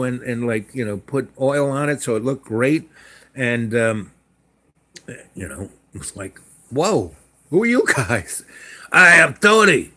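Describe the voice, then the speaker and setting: A man's voice: medium pitch, husky. New guy rambling through an old story, lots of restarts and side notes. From New York. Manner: rambling, animated, many restarts and asides. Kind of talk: casual spoken storytelling.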